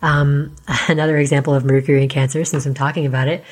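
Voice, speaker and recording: A woman astrologer in casual explanatory talk, chatty with lots of fillers and tag questions, speaking quietly as she starts to lose her voice. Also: sits low, level tone, fast talker. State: losing her voice.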